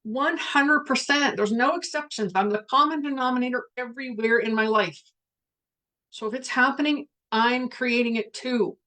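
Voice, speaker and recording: A woman's voice: fairly high pitch, normal speed, pushed and bright. A woman speaking as a spiritual coach in a casual livestream, talking frankly and chattily and reading viewer comments aloud.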